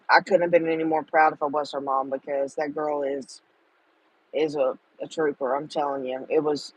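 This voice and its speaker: A woman's voice: deep voice, rough recording. Emotional grandmother on a livestream. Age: middle-aged. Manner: tender, emotional, talks straight to viewers. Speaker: livestream host. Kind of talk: casual livestream chat.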